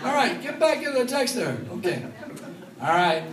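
A man preaching a Bible study sermon to a congregation, talking in a lively, joking way. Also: extremely high pitch, moderate pace, a crowd in the background. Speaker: pastor. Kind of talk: expository Bible teaching. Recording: echoey room, mic at a distance.

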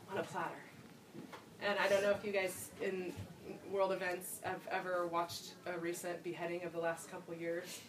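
A woman delivers a sermon slowly and thoughtfully, sharing her own reflections. Her voice comes from a distance in a roomy space with noticeable echo. A faint ambient hum sits behind her. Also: mid-range voice. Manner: reflective, personal, with soft laughs. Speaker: preacher.

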